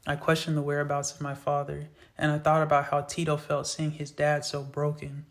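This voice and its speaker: A man reading his own novel aloud in an earnest, plain storytelling voice. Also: fairly high pitch. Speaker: author reading his book. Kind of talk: storytelling narration.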